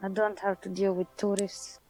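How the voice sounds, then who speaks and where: A woman's voice: medium pitch, flat delivery, moderate pace, dark tone, soft background music. A woman playing in a tabletop game, chatting casually and offhandedly during a break. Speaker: player. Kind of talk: casual chat.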